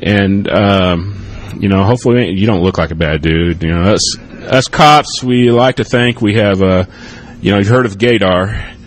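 A man's voice: on the low side, unhurried, slight background noise. A middle-aged American man who used to be a police officer, giving a casual, rambling conference talk and taking audience questions, often adding "okay?". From United States. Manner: casual, rambling, frequent "okay?" and "you know".

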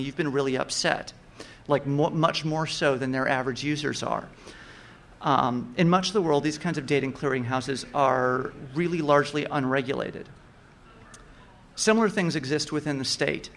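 A man giving an explanatory talk, measured and methodical, with occasional fillers and restarts. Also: on the high side, fairly bright tone, slight background noise.

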